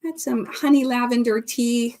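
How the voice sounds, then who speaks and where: A chatty woman hosts a relaxed live stream from her desk and talks straight to her viewers. Her voice sits a little high. She reads their comments aloud and laughs easily as she goes. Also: moderate pace. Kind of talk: casual live stream chat.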